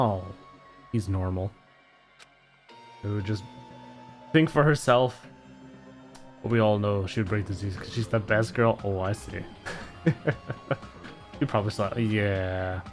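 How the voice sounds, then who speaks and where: A man's voice: on the low side, slow pace, pauses often, soft background music. A man streaming a video game, reading the dialogue aloud in playful voices and joking in between. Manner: animated, jokey, reads characters' lines in put-on voices.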